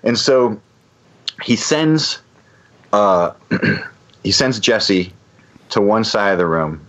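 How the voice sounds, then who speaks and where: A man's voice: on the low side, expressive, very slow, fairly bright tone. Rambling man telling a story. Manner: rambling, many restarts and fillers. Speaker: podcast guest. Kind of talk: casual storytelling.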